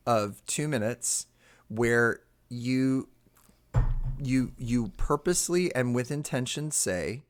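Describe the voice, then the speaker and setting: A man hosting a casual podcast chat, animated and teasing, his voice jumping up when he laughs. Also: mid-range voice, takes it slowly. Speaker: podcast host.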